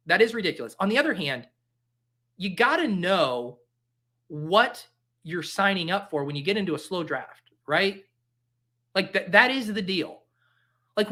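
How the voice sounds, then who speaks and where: A man's voice: sits high, very animated, normal speed, bright, forceful tone, breathy edge. A young man hosting a live stream, chatting casually in a jokey, rambling, caffeinated way. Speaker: livestream host. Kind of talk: casual livestream chat.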